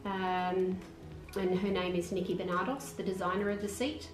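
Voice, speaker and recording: A woman, a project manager, explaining in a halting way with fillers in a documentary interview. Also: on the low side, music in the background. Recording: echoey room, faint noise.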